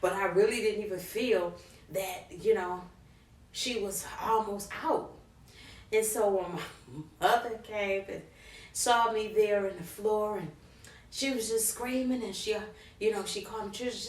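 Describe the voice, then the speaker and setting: A middle-aged woman vlogger, an animated storyteller speaking straight to her viewers. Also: mid-range voice, a little slow. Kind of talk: personal story time. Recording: roomy, from a distance.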